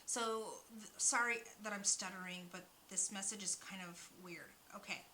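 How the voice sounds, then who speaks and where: Bright-voiced woman giving a card reading. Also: medium pitch, fairly even intonation, normal speed, a little hiss or hum, rough recording. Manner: rambling, many fillers and restarts. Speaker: oracle card reader. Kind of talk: spiritual card reading vlog.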